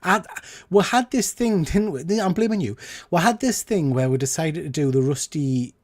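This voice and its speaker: A man's voice: a little high, expressive, normal speed. Chatty man co-hosting a show. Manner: chatty, rambling, self-correcting. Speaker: podcast co-host. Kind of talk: casual chat.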